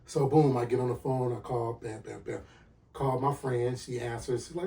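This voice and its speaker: A man hosting a podcast, telling a personal story with lively acted-out dialogue and sound effects. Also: mid-range voice, moderate pace, vocal fry, distant mic. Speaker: podcast host.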